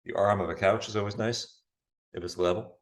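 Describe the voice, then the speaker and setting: A man teaching a yoga class over a video call, giving calm, unhurried cues for breathing and poses. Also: on the low side. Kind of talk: guiding a live online yoga class.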